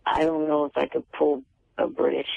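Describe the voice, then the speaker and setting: A man's voice: fairly high pitch, level tone, moderate pace, gravelly, no echo. A man calling in as a show guest, refusing things bluntly over a phone line. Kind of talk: casual talk over the phone.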